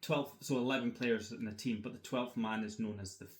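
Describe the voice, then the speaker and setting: A man's voice: mid-range voice, fairly even intonation, brisk, echoey room. A man from Scotland with a Scottish accent, chatting casually in a dry, matter-of-fact way and swearing freely. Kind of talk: casual chat.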